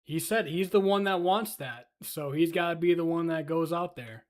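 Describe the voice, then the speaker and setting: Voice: mid-range voice, moderate pace. A streamer ranting crudely and heatedly in a casual livestream, full of swearing.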